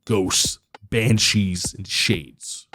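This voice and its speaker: A man voicing a huge, gruff male minotaur blacksmith who speaks low, quiet and curt. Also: drawn-out words, a little hiss or hum, heavily acted. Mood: unimpressed.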